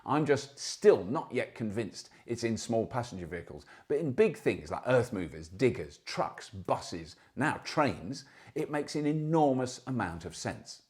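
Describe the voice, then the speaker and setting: A man's voice: medium pitch, very animated, a little slow, darkish tone. Man, sixties, show host, casual news commentary, chatty asides, anecdotal. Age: 60s.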